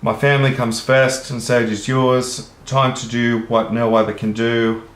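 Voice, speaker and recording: Here the Australian vlogger speaks a little slowly in a level, medium-pitched voice. He rambles earnestly to the camera with casual swearing, and the room adds noticeable echo.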